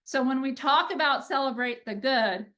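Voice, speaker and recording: A woman in her thirties, a pitching coach, giving an energetic coaching talk and often checking in with "right?". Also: normal speed. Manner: energetic, animated, peppered with "like" and "right?".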